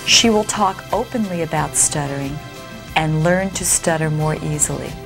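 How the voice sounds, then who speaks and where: A woman reads scripted informational narration in a lowish voice. Clear background music plays under her voice-over. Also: moderate pace.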